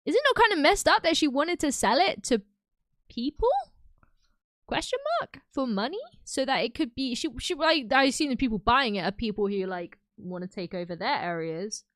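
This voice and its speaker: A chatty young woman talking to her viewers on a stream, her voice on the higher side. She rambles in a loose, giggly way, full of little fillers. The sound is close and dry, with no room around it. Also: animated, normal speed, a bit bright, no room sound. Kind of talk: casual chat with live chat.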